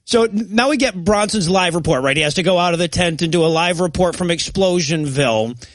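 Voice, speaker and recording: A man's voice: high-pitched, a little fast, slight background noise. A man co-hosting a comedy podcast, giving wry, mocking commentary in casual banter.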